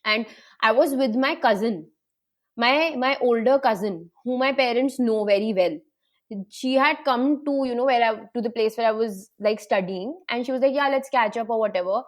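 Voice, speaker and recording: A young woman, a guest telling stories in an animated way. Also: on the high side, moderate pace. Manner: animated storyteller, acts out quoted voices. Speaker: panel guest. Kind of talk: casual storytelling in a panel chat.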